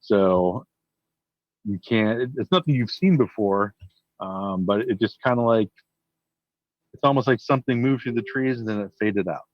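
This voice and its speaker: A man running a tabletop game as game master, narrating haltingly with many fillers. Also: lowish voice, no echo, lo-fi sound.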